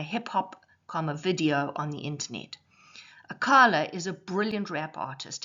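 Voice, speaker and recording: A woman teaching a poetry lesson, explaining clearly and slowing down to stress syllables. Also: on the low side, fairly bright tone, lo-fi sound.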